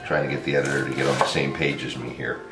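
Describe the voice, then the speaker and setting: A very low-pitched man chats his way through a home cooking demo, easygoing and quick to laugh. His voice bounces around a reverberant kitchen while music plays clearly behind him. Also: flat delivery. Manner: chatty and loose, laughs often, talks to camera crew. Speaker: home cook vlog host. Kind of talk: casual cooking demonstration.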